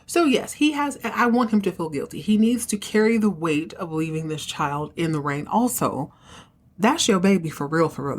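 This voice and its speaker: A woman hosting a podcast, casually recapping a TV episode and acting out the characters' lines with slangy, animated asides. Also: on the low side. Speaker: podcast host recapping a TV show. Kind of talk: casual recap with acted-out dialogue.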